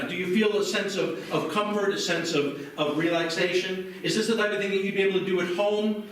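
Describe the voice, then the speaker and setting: An American man working as a stage hypnotist, giving slow, soothing suggestions to volunteers during a live show. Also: sits high, fairly bright tone, a little hiss or hum. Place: library hall before an audience. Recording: echoey hall, heard from far off.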